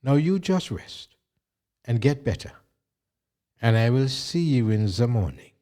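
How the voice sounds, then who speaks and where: A man voicing a kind, gentle German woman nurse with a German accent, in a soothing, warm way, reading from a memoir. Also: medium pitch, animated, a little slow, natural voice.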